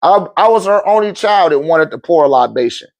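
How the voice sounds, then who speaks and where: A man with a high voice that swings wide as he tells an animated personal story at a live talk. He talks loosely and with plenty of profanity. He slips into the voices of the people in his tale as he goes. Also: brisk. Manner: acts out the other people's voices while telling the story, casual and profane.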